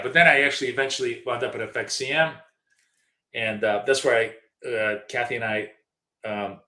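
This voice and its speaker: A middle-aged man co-hosts a live trading stream, telling stories in a chatty way full of fillers and restarts. His voice is medium in pitch, bright and forceful, and it carries a reverberant sound.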